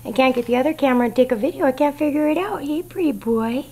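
A woman talking baby talk to a young puppy while filming it, cooing in a sing-song way and sometimes dropping to soft whispers. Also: high voice, very fast.

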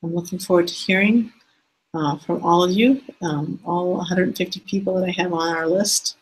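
A woman hosting an online teaching hangout over a video call, speaking in a hesitant, halting way and slowing down to spell out details. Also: fairly low pitch, steady tone, breathy edge, rough recording. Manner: hesitant, halting speech that slows down to spell things out. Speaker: host of an online teaching session.

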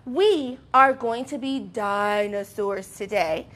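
A young woman teaching a sing-song music and movement class for toddlers, bubbly and encouraging, with excited gasps. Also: a little high, drawn-out words, pauses often.

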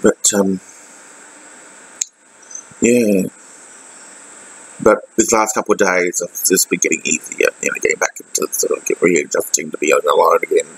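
A man with an Australian accent talking in a halting, emotional way with many fillers and restarts in a personal video diary. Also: deep voice, steady tone, creaky, slightly rough, rough recording. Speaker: vlogger.

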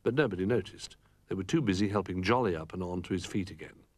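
A man reading a children's picture book aloud in an expressive, animated way. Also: deep voice, fast talker, no room sound. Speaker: storyteller.

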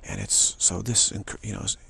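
A man's voice: on the low side, very animated, vocal fry, bright, forceful tone, slightly rough. A man giving an earnest, rambling spiritual monologue, repeating himself and restarting sentences often. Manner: earnest, repetitive, halting with many restarts. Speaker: spiritual speaker.

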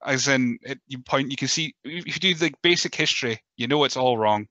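A Scottish man hosting a casual podcast interview, jokey and quick to laugh, acting out what people say. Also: mid-range voice, sharp tone, dry recording, highs cut off. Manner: chatty and jokey, laughs often, mimics people. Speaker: podcast host.

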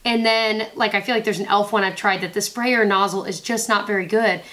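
A woman's voice: medium pitch, fairly even intonation, a little fast, sharp tone. A woman in her twenties chatting in a beauty vlog, bubbly and rambling, often interrupting herself with asides. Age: 20s. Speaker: beauty vlogger. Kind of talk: chatty makeup review vlog.

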